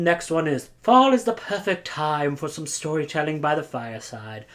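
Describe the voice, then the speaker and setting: A woman's voice: low-pitched, very animated, normal speed, hardly any pauses. A woman chatting casually as a book vlogger, rambling with goofy asides, silly sound effects and lots of filler words. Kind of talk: casual chat.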